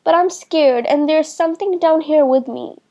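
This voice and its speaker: A frightened young girl in a read-aloud storybook, voiced by a woman with a high, mellow tone. She pleads in a shaky, raised voice. The reading is gentle and plain. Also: moderate pace, close to an everyday voice. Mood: scared.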